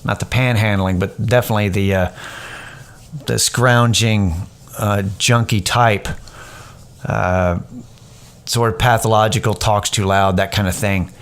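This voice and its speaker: A man's voice: on the low side, measured pace, pauses often, smooth. Guy in his 30s rambling thru a story on his podcast, swears a lot, super candid. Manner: candid, rambling, profane, animated when quoting others. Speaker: podcast host. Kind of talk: casual storytelling monologue.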